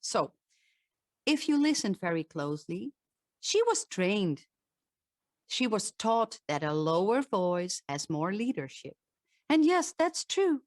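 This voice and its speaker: A woman's voice: animated, slow pace, long pauses, no room sound, studio quality. A woman with a Dutch accent, a voice coach giving a talk and demonstrating vocal sounds. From Netherlands. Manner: demonstrative, shifts pitch to show examples.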